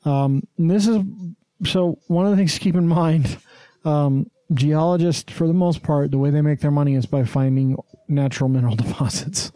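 A man's voice: a little high, normal speed, dark tone, no echo. Blunt swearing man. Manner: swears freely, rambling and blunt. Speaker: podcast host. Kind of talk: casual chat.

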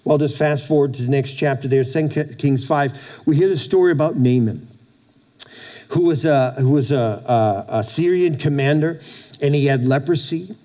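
A man preaching a sermon, retelling a story in a halting way, repeating words and acting out the characters' lines. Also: medium pitch, a little mellow. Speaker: pastor.

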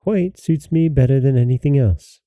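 A man's voice: medium pitch, normal speed, mellow, no room sound, lightly acted. A man reading as a young proud princess. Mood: earnest.

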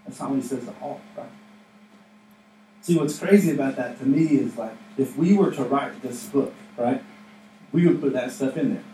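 A man's voice: mid-range voice, moderate pace, mellow. A man delivers a sermon in a church sanctuary, talking in a loose, conversational way and slipping into voices to act out quotes. He often checks in with "right?" The sound is roomy and echoey, picked up from some distance, with a faint hiss underneath. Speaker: pastor. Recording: echoey room, mic at a distance, faint noise.

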